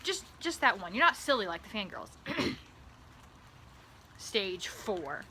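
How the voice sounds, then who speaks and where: A woman vlogging in a comedic monologue, rambling and tripping over repeated words, swinging between loud bursts and hushed asides. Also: mid-range voice, big pitch swings, slow pace, slight background noise. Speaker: author vlogger.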